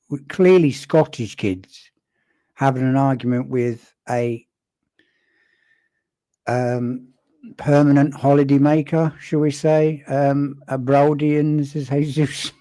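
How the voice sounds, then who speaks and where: A man casually commenting on a video clip, talking in a wry, conversational way with pauses and restarts. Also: mid-range voice, mellow, dry recording.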